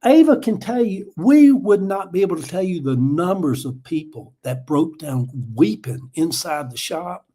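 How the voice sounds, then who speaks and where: A man's voice: high voice, lively intonation, normal speed, hardly any pauses, warm tone. Older guy chatting on a live, folksy, tells stories with feeling. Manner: folksy and emotional, addresses viewers as y'all. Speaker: livestream host. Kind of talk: casual live chat, storytelling.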